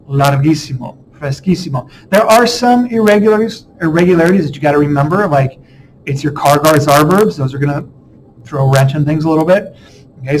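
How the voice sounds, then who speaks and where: Casual male teacher, slightly higher pitch, laid-back and chatty, faint background noise. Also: rough recording. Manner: relaxed and chatty, often asking "okay?". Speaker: Spanish teacher. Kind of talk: casual video lesson.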